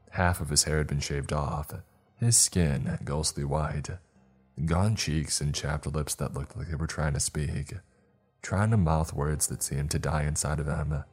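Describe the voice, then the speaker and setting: A man narrating a first-person horror story in a tense, measured way. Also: very deep voice, a little mellow, husky.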